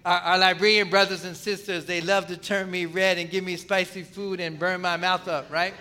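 Man, pastor, sermon, high voice, conversational, asks listeners questions. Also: little pitch movement, normal speed, pushed and bright.

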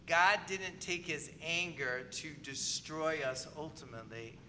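A man's voice: fairly high pitch, animated, unhurried, hardly any pauses, sharp tone, a little hiss or hum. A man preaching a sermon as pastor, in a conversational manner, often asking the congregation whether they agree.

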